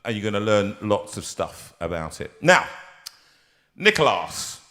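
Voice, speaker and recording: A fairly low-pitched man in his sixties chats loosely and jokily as the host of a live show. He wanders off mid-sentence, fills gaps with ums and restarts himself. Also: very animated, measured pace, bright, forceful tone. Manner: rambling, jokey, full of ums and restarts. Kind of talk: casual live show chat. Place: home studio.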